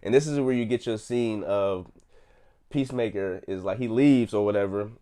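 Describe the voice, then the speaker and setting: A man's voice: fairly low pitch, normal speed, dark tone, clean tone. A young man hosting a casual review, loosely retelling scenes in slang and laughing often. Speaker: host reviewing a TV episode. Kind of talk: casual chat.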